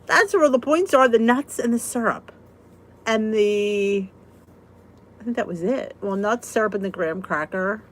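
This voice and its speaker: Reading viewers' comments aloud during a live weight-loss support chat, a woman with a medium-pitched voice chats casually, exclaims, and is quick to vent and laugh. There's a little hiss or hum in the recording.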